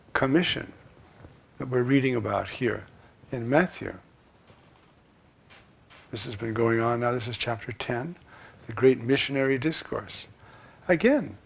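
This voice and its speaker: A man preaching a sermon, swinging from loud, emphatic lines to hushed asides. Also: a little high, slightly rough.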